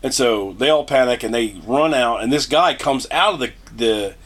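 A man's voice: medium pitch, moderate pace. A man co-hosting a podcast, chatting casually about a film and acting out quotes with swearing. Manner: lively, acts out quotes, swears. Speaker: podcast co-host. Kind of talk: casual movie recap chat.

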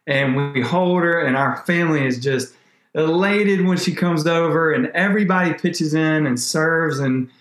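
A man, a podcast guest, telling an emotional faith story in a rambling, animated way with many restarts. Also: on the high side, normal speed, reverberant.

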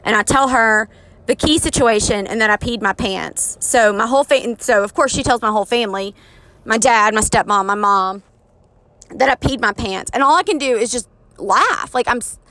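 With a slightly high voice at normal speed on a dry recording, a thirty-something woman shares an embarrassing tale. She's chatty and self-mocking, replaying the events with plenty of animation.

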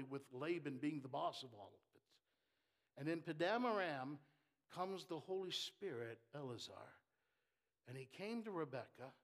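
Animated high-voiced male preacher. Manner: animated, swings between loud emphasis and soft asides; jokes with the congregation. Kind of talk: sermon.

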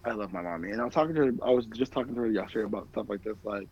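A man's voice: medium pitch, animated, rapid-fire, vocal fry, a little mellow, husky. A man in casual chat, telling stories in a rambling way, heavy on fillers and swearing. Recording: dull lo-fi sound, dry room.

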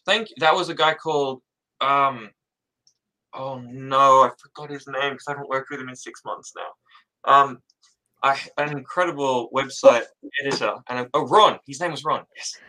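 A man's voice: medium pitch, normal speed, sharp tone, poor audio. A man talking as an author guest in a casual interview, jittery and rambling, laughing often and running his thoughts together.

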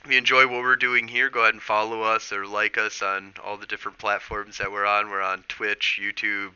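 A low-voiced man hosts a podcast in a very bright, forceful and crisp tone, filling his talk with ums and uhs. The recording sounds dull and lo-fi. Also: flat delivery, fairly quick. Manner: rambling, many ums and uhs. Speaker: podcast host. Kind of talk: casual podcast chat.

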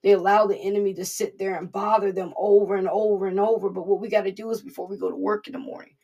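Gravelly, husky woman preaching. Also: medium pitch, flat delivery, fast talker, warm tone, muffled recording. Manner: earnest, repetitive, conversational. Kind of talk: informal devotional sermon.

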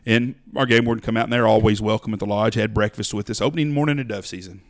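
A man's voice: fairly low pitch, fast. A middle-aged man, a hunting outfitter telling blunt, folksy stories about clients on a podcast. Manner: folksy, blunt storyteller acting out clients' lines. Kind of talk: casual storytelling chat.

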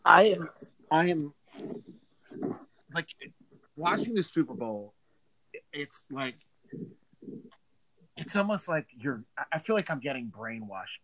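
A man's voice: fairly high pitch, big pitch swings, slow pace, long pauses, a bit bright, no room sound, low-quality recording. A man co-hosting a casual chat, ranting with lots of swearing and frequent laughs. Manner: profane, ranting, laughs often. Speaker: podcast co-host.

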